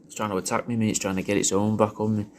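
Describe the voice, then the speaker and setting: A man's voice: fairly low pitch, level tone, racing, darkish tone, a little hiss or hum. A man talking in a crude, rambling way, recording a personal video message full of swearing and restarts. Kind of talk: casual rambling monologue.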